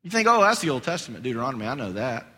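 A man preaching a sermon as pastor, animated and rising high and loud for emphasis. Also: rapid-fire, breathy edge. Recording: long hall reverb.

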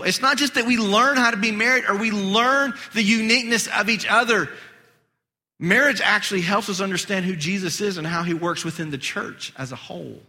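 A male pastor giving an animated, conversational sermon, his voice getting hoarse. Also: high voice. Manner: animated, conversational preaching with acted-out quotes. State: losing his voice. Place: church sanctuary. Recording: long hall reverb.

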